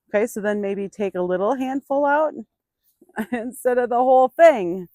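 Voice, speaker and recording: A woman's voice: a little high, expressive, moderate pace, no echo, clean studio sound. Patient woman coaxing a burro. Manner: patient, coaxing the animal in a soft voice between explanations to viewers. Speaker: burro trainer. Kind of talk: hands-on training demonstration.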